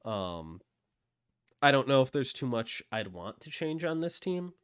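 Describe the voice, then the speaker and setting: A man's voice: medium pitch, very animated, unhurried, clean tone, dry recording, clean studio sound. A man hosting a casual discussion, talking in a hesitant way with many ums. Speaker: host.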